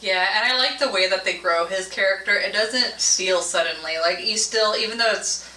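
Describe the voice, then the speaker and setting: A woman co-hosting a casual movie review chat. She is animated and laughs while telling things, acting out little bits. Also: medium pitch, moderate pace. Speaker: co-host of a movie and tea review show. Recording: roomy, from a distance, faint room noise.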